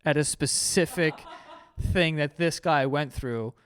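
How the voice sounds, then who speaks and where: Man, 30s, host reacting to dating tips, crude joker, clear tone. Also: fairly high pitch, slow. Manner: loose, crude, joking, laughs often, mock voices. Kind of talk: casual reaction commentary.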